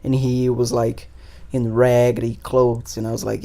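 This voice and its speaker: A man's voice: medium pitch, level tone, a little slow, gravelly, dark tone. A young man, a podcast host telling a story in loose, casual talk full of swearing and fillers. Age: 20s.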